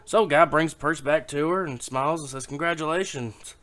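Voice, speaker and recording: A man's voice: fairly high pitch, normal speed, a bit bright. A man casually telling a rambling, swearing joke to camera at home, with his daughter on his lap. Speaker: YouTube joke teller.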